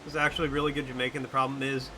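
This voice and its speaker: A man's voice: mid-range voice, flat delivery, racing, background noise. A man streaming a video game, chatting casually and playfully trying out silly accents.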